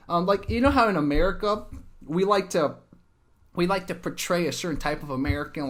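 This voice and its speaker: A man hosting a casual interview over a call, talking in an animated, rambling way with plenty of fillers. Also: fairly high pitch. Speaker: host.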